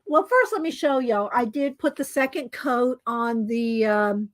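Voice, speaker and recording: Chatty high-voiced woman streamer. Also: unhurried. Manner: chatty, laughs often, drawls greetings to viewers. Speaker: live-stream art host. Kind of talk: casual live-stream chat greeting viewers.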